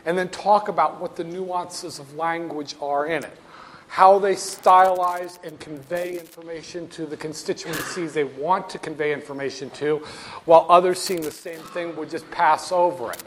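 A man's voice: a little high, fairly even intonation, normal speed, a bit bright, a little hiss or hum. A man giving a classroom lecture on finance, wry and storytelling, with asides to the class.

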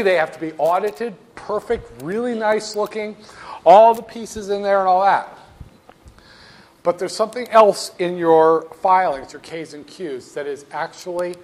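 A man giving a classroom lecture on finance, wry and storytelling, with asides to the class. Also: high voice.

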